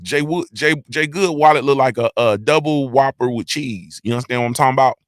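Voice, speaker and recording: A male host doing casual livestream shout-outs in a loud, hyped, sing-song roll call full of slang. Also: medium pitch, brisk, dry recording, studio quality.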